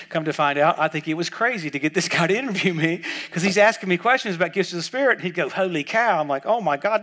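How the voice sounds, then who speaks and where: A man with a somewhat higher-pitched voice preaches at a church service. He tells stories animatedly, sliding from hushed asides into loud, emphatic outbursts. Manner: storytelling, swings from quiet asides to loud emphatic bursts. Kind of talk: sermon.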